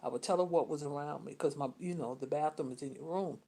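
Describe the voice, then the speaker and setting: A woman, telling a personal story in a rambling, repetitive way with many restarts and pauses. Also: deep voice, gravelly, warm tone. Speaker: vlogger.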